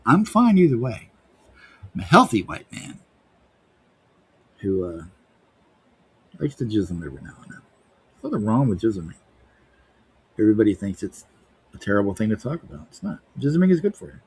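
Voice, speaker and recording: A man's voice: lowish voice, very animated, normal speed, long pauses, husky, no echo. A man chatting on a live art stream, rambling and joking playfully. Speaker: livestreaming artist. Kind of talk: casual stream chat.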